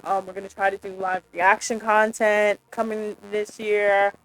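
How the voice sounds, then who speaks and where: A woman's voice: mid-range voice, flat delivery, unhurried, a little hiss or hum. A woman co-hosting a sports and pop culture podcast, wrapping up the episode in an effusive, bubbly way. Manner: bubbly, effusive, pleading with listeners. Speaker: podcast co-host. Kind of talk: casual chat, sign-off.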